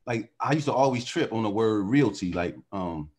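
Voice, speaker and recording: A man's voice: lowish voice, lively intonation, normal speed, darkish tone. A man talking as a podcast guest in casual conversation, riffing animatedly and philosophically on word origins.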